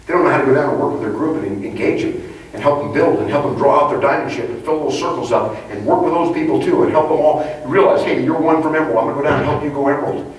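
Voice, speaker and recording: A man giving an emphatic motivational speech at a sales training event, preachy and building to excited outbursts. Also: on the high side, fast talker. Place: large event hall. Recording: echoey hall recorded from far off.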